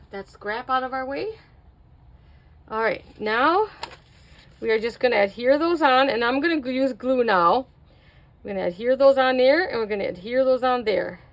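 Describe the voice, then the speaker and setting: Middle-aged woman, fairly high voice, casual craft tutorial host, chatty and self-mocking. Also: a little hiss or hum. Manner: chatty, self-mocking, talks to viewers while working.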